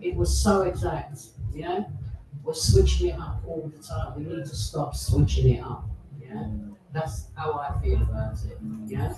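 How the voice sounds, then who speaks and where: A woman's voice: measured pace, music in the background. Woman in her 60s from england chatting at a panel, keeps going "yeah?", echoey roomy sound far from mic. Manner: tag questions, lively rises in pitch. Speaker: audience member. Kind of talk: animated audience comment. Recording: echoey room, far from the mic, audible noise.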